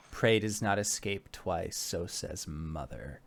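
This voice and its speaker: A man voicing a menacing female giant with a deep, rumbly voice. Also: very animated, slow, breathy edge, heavily acted.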